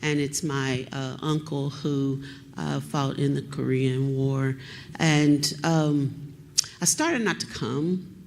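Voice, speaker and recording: A woman's voice: a bass voice, takes it slowly, darkish tone, a little hiss or hum. A woman from Kentucky, a family member of a missing soldier, speaking from the audience at a public meeting, tearful and rambling as she talks. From Kentucky, USA. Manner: chatty and rambling, self-described talker.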